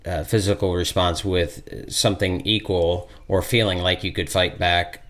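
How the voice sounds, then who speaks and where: A man's voice: deep voice, steady tone, unhurried, a bit bright. A middle-aged man hosting a podcast interview, talking conversationally and thinking aloud as he builds his questions. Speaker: podcast host.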